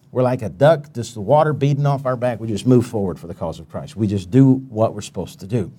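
A man's voice: mid-range voice, fairly quick, few pauses, mellow, husky. A man preaching a sermon in a conversational way, with frequent restarts and quoted Bible verses.

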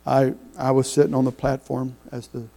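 A middle-aged man preaching a sermon, telling folksy stories with halting restarts. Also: mid-range voice, little pitch movement, vocal fry, mellow, rough recording. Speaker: pastor.

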